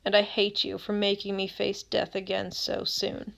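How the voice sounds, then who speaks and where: A woman's voice: medium pitch, monotone, moderate pace, gravelly, a bit bright. A woman reading as a bitter, scarred teenage boy who speaks to a dead friend in a raw, accusing way, in an audiobook. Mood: angry.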